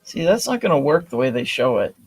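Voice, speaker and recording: A man's voice: medium pitch, big pitch swings, brisk, husky, no room sound, soft background music. A man casually thinking aloud while assembling a kit, muttering to himself with self-deprecating asides. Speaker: kit builder streaming a build.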